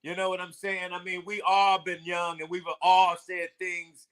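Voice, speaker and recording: A man's voice: sits high, completely flat delivery, moderate pace, fairly bright tone, smooth. A man co-hosting a casual sports podcast, rambling loosely with many fillers.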